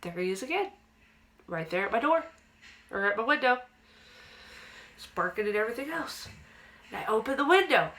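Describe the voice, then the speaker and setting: A woman's voice: fairly high pitch, sing-song, normal speed, long pauses, sharp tone, a little hiss or hum, rough recording. A young woman vlogger casually telling a personal ghost story to camera, acting out quotes in a raised childlike voice.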